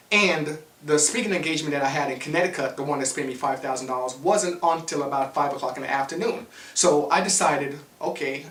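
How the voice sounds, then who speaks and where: A man, a motivational speaker who tells a story in a playful, animated way and acts out the dialogue. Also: a little high. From Jamaica. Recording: echoey room, voice from far off.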